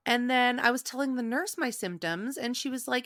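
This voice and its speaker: A woman's voice: on the high side, normal speed, dry recording, studio quality. A woman podcast host telling a story in casual chat, acting out the people in it. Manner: animated storyteller acting out quotes.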